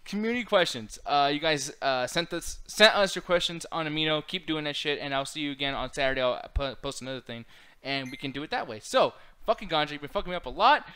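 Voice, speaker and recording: A man's voice: fairly high pitch, animated, fast, bright, forceful tone, clear, resonant tone. A man hosting a casual podcast chat, laughing often and swearing casually. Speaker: host.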